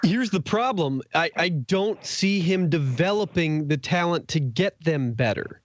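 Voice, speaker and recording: A man's voice: a little high, expressive, highs cut off, background noise. Thoughtful man analyzing on a podcast. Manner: measured, thinking aloud. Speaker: podcast co-host. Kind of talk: sports analysis chat.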